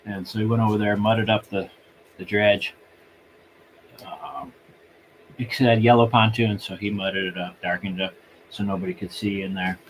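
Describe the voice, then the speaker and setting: Rambling live-stream host, a man, low voice, faint hiss behind. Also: flat delivery. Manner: rambling and halting, circling back. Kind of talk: casual live-stream storytelling.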